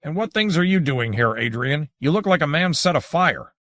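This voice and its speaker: A man's voice: fairly high pitch, lively intonation, normal speed, fairly bright tone, no echo, clean studio sound, pitched above the performer's own voice. A man doing an irritable, blunt man. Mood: irritated. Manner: angry, bawling.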